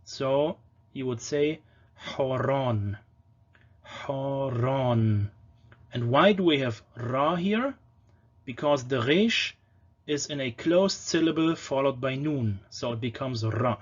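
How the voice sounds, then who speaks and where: Male lecturer, mid pitch, patient explainer who slows to sound out words; slightly dull lo-fi recording. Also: lively intonation, breathy edge. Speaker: language lecturer. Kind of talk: educational lecture on pronunciation.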